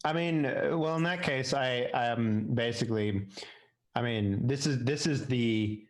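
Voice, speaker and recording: A man playing a tabletop role-playing game over voice chat, halting with many restarts and joking freely. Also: mid-range voice, rough recording. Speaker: player. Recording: online voice chat.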